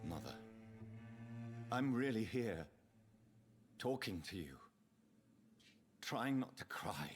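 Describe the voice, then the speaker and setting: Somber young vampire son. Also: male voice, fairly low pitch, big pitch swings, takes it slowly, pauses often, husky, exaggerated voice. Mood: sorrowful. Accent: English. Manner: subdued, mournful, restrained. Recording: game audio under music.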